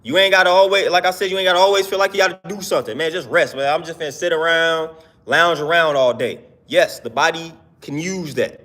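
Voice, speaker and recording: A man's voice: on the high side, steady tone, fast, pushed and bright. A young man in his twenties talking earnestly in a casual live-stream monologue, slangy and repeating himself for emphasis.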